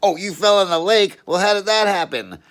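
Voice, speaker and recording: High-pitched nosy beat cop, barking questions, a guy putting it on for a book reading. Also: lively intonation, normal speed, a bit bright. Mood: suspicious. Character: suspicious male city beat cop.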